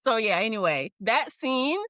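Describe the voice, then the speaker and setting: Woman co-host, animated storyteller who acts out dialogue; bright tone, close dry mic. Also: on the high side, measured pace, no room sound. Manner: animated storyteller, acts out quotes, swears and laughs. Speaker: podcast co-host. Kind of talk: casual book chat.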